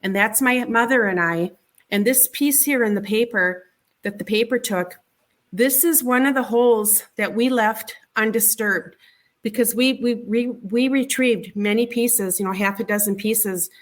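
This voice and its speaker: A middle-aged interview guest with a fairly high-pitched voice describes something that happened to her. She speaks conversationally, haltingly, often saying words twice and starting her sentences over.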